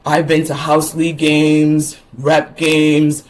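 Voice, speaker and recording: A woman from Ontario, chatting casually and excitedly in a rambling vlog. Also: deep voice, slow. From Ontario, Canada. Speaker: vlogger.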